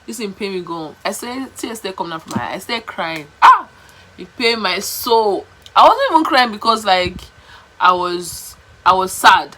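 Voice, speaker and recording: A young Nigerian woman vlogging, telling a story to camera in a chatty, animated way, repeating herself and slipping into pidgin. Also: medium pitch, normal speed, rough recording.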